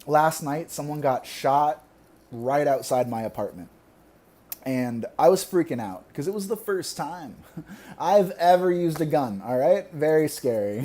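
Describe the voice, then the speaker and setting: A young man with a high voice performs a stand-up comedy set, delivering deadpan one-liners and laughing at his own jokes.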